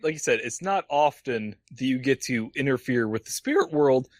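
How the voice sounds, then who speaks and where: Playful man with a lively voice. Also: mid-range voice, moderate pace, no echo. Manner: playful, teasing. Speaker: podcast co-host. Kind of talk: casual chat.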